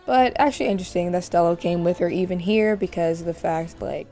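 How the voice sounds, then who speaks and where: A woman's voice: lowish voice, brisk, mellow, faint music behind. A woman hosting a casual let's-play, chatting as she narrates her game. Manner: chatty, narrates while playing. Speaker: gaming channel host.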